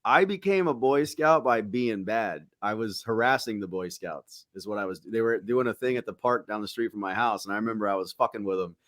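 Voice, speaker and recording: A man hosting a podcast, telling stories in a loose, profane, animated way and acting out the people in them. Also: fairly low pitch, fairly quick, few pauses, no echo, studio quality. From Tampa, Florida. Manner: profane, animated storytelling with acted quotes. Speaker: podcast host. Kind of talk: casual storytelling chat.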